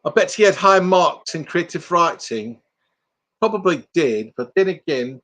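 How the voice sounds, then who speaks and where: A man's voice: mid-range voice, fairly bright tone. An older man hosting a live stream, chatting casually in a jokey, rambling, self-deprecating way.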